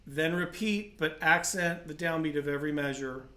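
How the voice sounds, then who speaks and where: A man's voice: a little high, normal speed, pushed and bright, roomy sound. A man teaching a livestream drum lesson, patiently explaining technique and counting in. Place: percussion studio.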